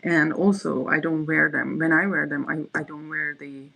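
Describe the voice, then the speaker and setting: Livestream host, casual chat, rambling, fillers and restarts, creaky fry, mid pitch. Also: steady tone, moderate pace, sharp tone, low-quality recording. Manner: chatty, rambling, reads chat messages aloud.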